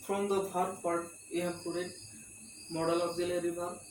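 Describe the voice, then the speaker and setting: A man's voice: sits high, little pitch movement, moderate pace. A male tutor giving an exam-prep lecture, reading questions aloud and reassuring students in a repetitive way. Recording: roomy, distant mic with loud insect noise.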